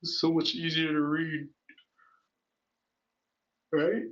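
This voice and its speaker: A man talking in loose, profane casual chat. He slows down and halts when the topic turns heavy. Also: on the high side, completely flat delivery, fairly bright tone. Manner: loose, profane, talks while eating and moving around; slow and halting on heavy topics. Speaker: guest in a conversation. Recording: dull lo-fi, roomy echo.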